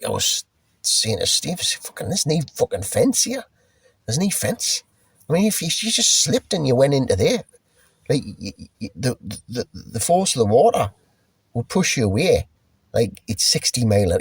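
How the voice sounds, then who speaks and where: A middle-aged man with a gravelly, slightly rough, medium-pitched voice rambles through a casual recollection of a past journey, swearing freely and restarting his sentences. The recording is dry.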